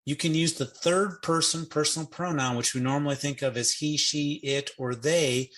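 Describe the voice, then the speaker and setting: A man co-hosting a podcast, explaining grammar in casual chat. He spells out forms slowly and drops in playful asides. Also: fairly high pitch, steady tone, fairly bright tone. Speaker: Greek grammar podcast co-host. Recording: podcast audio.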